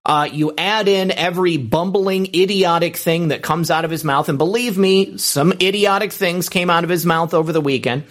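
A man hosting a political talk show, delivering emphatic, opinionated commentary and often saying "okay" to drive points home. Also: high-pitched. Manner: emphatic, repeats "okay" and "all right".

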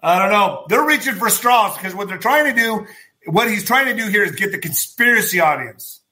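This is a high male voice, lively in intonation, pushed and bright, moving at ordinary speed. Talking directly to viewers as a commentary vlogger, he rants about politics bluntly and with plenty of profanity. He's emphatic, curses freely, and addresses everyone as "folks."

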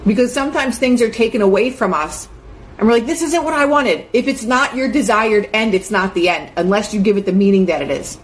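A woman's voice: medium pitch, fairly quick, slight background noise. A young adult woman giving an earnest, chatty motivational talk, full of fillers like "like". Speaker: host.

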